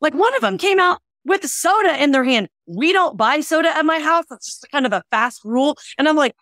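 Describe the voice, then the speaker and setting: A middle-aged woman with a high voice, a fitness and nutrition guest on a podcast. She tells her stories with energy and acts out every quoted line. The sound is dry and close. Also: quick pace, dry recording. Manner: animated storyteller who acts out quoted dialogue. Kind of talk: casual podcast chat.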